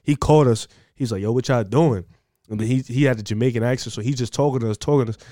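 A young man co-hosting a podcast, telling animated, slang-heavy stories and acting out the voices of other people in them. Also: mid-range voice, racing, dry recording, studio quality. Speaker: podcast co-host. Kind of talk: casual chat.

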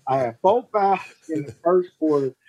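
A man, a former pro basketball player, telling stories in a relaxed, slangy way and laughing often. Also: on the high side, moderate pace, rough recording. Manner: laid-back, slangy, laughing storyteller. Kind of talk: casual storytelling chat.

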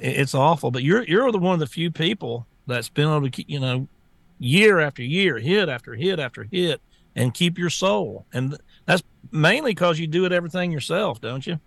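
A man co-hosting a talk show, speaking haltingly with many stammered restarts. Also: on the high side, gravelly, fairly bright tone, dry recording. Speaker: co-host. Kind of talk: casual talk show chat.

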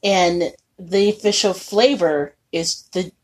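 A woman co-hosting a podcast in casual chat, laughing often and animated. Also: lowish voice, slightly rough. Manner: laughs often, animated, quick bursts of surprise. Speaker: podcast co-host.

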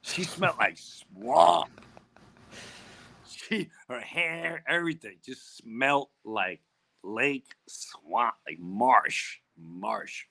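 With a creaky, mid-range voice and drawn-out words, a middle-aged podcast host casually recounts a story. He's animated and acts out the voices of the people he quotes.

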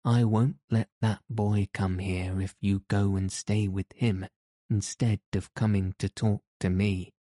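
A man's voice: fairly low pitch, level tone, a little slow, dark tone, dry recording, clean studio sound. A man voicing a sickly, spoiled, petulant young boy who whines and sulks.

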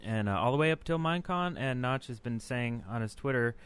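A man's voice: medium pitch, expressive, a little fast, fairly bright tone, smooth. A man hosting a casual podcast chat, running through news items in an upbeat way. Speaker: podcast host.

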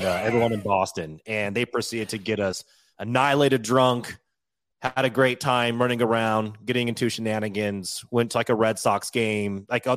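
A man's voice: medium pitch, dry recording. A man hosting a casual podcast, joking and loose, with some swearing. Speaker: podcast host.

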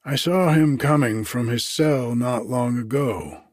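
Guy reading a matter-of-fact jail guard, slow and husky, dry close sound. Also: medium pitch, a little mellow, dry recording, close to an everyday voice. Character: plain-spoken male prison guard.

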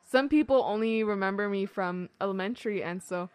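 A woman's voice: medium pitch, fairly quick, a little mellow, clean tone, dry recording. A young woman co-hosting a podcast, chatting casually, giggly and a bit self-conscious. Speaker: podcast co-host. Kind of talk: casual chat.

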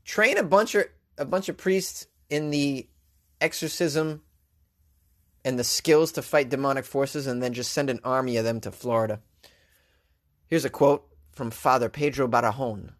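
A man's voice: medium pitch, normal speed. A man hosting a comedic news commentary, reading headlines and riffing on them sarcastically. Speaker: host.

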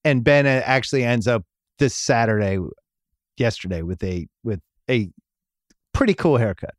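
A man's voice: mid-range voice, animated, moderate pace, dry recording, clean studio sound. A middle-aged man hosting a podcast, telling a rambling family story in casual chat and laughing at his own jokes. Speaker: podcast host.

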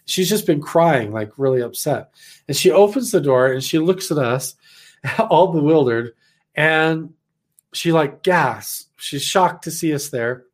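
A man from Idaho telling a personal story about his missionary days in a casual, animated way, full of "like" fillers. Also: fairly high pitch, unhurried. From Idaho, USA. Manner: animated, rambling, heavy on "like" fillers.

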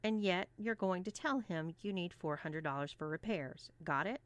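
A woman voicing a demanding young college woman who gives sharp orders. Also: on the low side, normal speed, lightly acted. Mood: bossy.

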